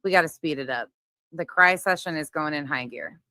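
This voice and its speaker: Low-voiced woman hosting a livestream. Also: normal speed, bright, forceful tone, no echo. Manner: blunt, talks over clips to chat. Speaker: livestream host. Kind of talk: livestream commentary.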